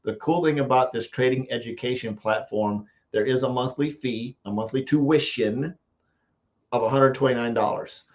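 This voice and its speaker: A man's voice: mid-range voice, moderate pace. Man, coach talking on a live stream, emphatic, repeats himself, slightly dull lo-fi sound. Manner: emphatic, repeats phrases for effect. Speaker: marketing coach. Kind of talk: casual live-stream pitch.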